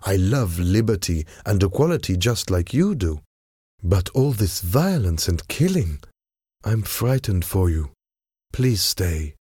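A man voicing a sorrowful young woman who pleads softly with her brother in a storybook reading. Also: deep voice, big pitch swings, husky, dry recording, clean studio sound, exaggerated voice. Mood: pleading sadly. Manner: soft, pleading, drawn-out.

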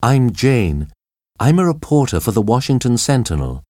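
A man voicing a young woman reporter who survived a crash, speaking quickly and alertly in a storybook reading. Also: medium pitch, big pitch swings, darkish tone, no room sound, studio quality, pitched above the performer's own voice.

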